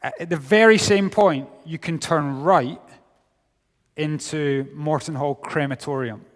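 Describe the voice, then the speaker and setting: A middle-aged Scottish man giving a sermon to young people, wry and humorous, dropping to quiet for serious points. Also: fairly high pitch, takes it slowly. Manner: humorous, wry storytelling with sudden drops to quiet. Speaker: youth speaker. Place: large hall. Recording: long hall reverb.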